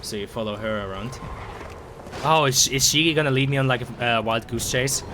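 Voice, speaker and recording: A hoarse young man from Sweden, rambling excitably and swearing while commenting on a game he streams. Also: mid-range voice, moderate pace. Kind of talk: casual gameplay commentary. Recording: stream mic with game noise behind. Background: game sounds.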